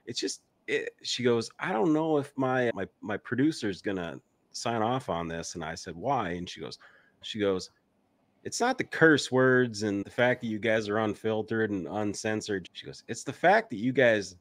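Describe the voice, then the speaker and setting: A man's voice: lowish voice, moderate pace, no echo. A man with a Wisconsin accent, hosting a podcast and telling rambling stories in blunt, unfiltered casual chat. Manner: blunt, rambling storyteller with frequent cursing. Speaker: podcast host.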